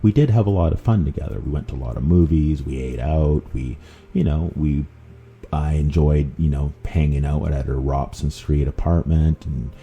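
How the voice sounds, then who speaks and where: A man's voice: a bass voice, moderate pace, gravelly, mellow, slightly rough. A man hosting a podcast, telling a personal story in a rambling, conversational way, with many fillers and restarts. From Vancouver. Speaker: podcast host.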